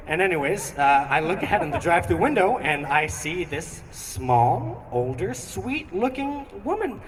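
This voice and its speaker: A young man performing a stand-up comedy routine with animated, theatrical storytelling on a theatre stage. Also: on the high side, moderate pace. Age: young adult. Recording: echoey hall, distant mic, noisy.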